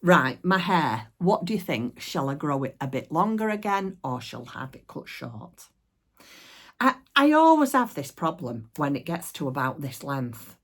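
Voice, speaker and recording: A middle-aged woman talks low and gravelly, with a husky edge to her voice. She chats casually to her viewers from home, rambling and full of little fillers. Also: very animated, a little slow. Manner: chatty and rambling, many fillers. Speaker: craft shop owner showing products. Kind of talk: casual chat to camera. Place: at home, indoors.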